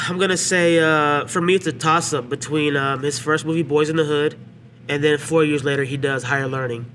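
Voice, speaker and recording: A podcast co-host chats casually about a film, retelling scenes and quoting lines. His voice is fairly high and fairly bright, with fairly even intonation and a moderate pace. There's slight background noise.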